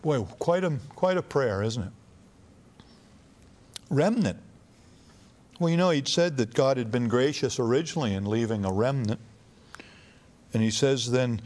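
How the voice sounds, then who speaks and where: A man's voice: medium pitch, measured pace, long pauses, darkish tone. A man preaching a sermon in a conversational teaching manner, reading scripture aloud with rising emphasis.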